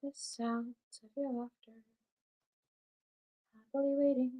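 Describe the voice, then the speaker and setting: A woman's voice: high voice, flat delivery, slow pace, mellow. A young woman chatting casually while drawing on a live stream, playfully talking to herself and to chat.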